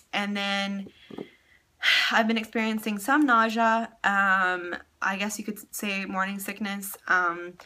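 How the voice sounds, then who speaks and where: Young woman vlogger, bright clear voice, casual and candid, emotional, filler-heavy. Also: medium pitch. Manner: candid, chatty, frequent ums and laughs. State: emotional, close to tears. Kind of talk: casual personal vlog.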